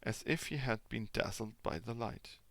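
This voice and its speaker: A man's voice: medium pitch, normal speed, gravelly, fairly bright tone, dry recording. A man whose first language is German, a father reading a classic novel aloud expressively, with occasional small slips.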